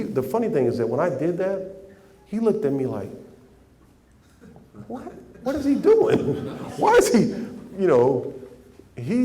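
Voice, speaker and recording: A man telling an animated story as an interview guest, acting out the other voices and breaking into laughter. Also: a little high. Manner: animated anecdote with quoted voices, laughing, restarts.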